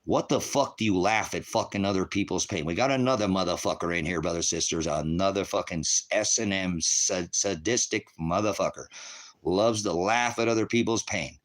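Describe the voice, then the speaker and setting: A man's voice: deep voice, normal speed. A man hosting a ministry livestream, ranting profanely and agitatedly at his viewers as brothers and sisters.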